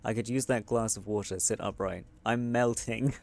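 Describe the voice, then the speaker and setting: A man streaming a video game, chatting casually, joking and reading dialogue options aloud with sudden excited outbursts. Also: lowish voice, normal speed, gravelly. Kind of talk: casual gameplay commentary.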